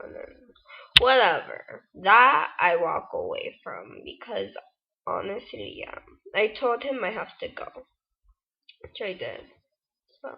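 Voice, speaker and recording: Teen girl, 18, casual vlogger, slow and rambling with lively ups and downs, a little husky fry. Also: medium pitch. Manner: chatty, rambling, with many fillers and laughs. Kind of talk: casual storytelling vlog. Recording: lo-fi webcam audio.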